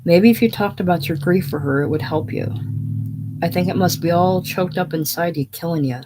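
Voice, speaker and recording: Reader doing a gentle, protective young woman. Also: mid-range voice, a little fast, music in the background, natural voice. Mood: tender. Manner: gentle, soothing. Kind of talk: casual play reading.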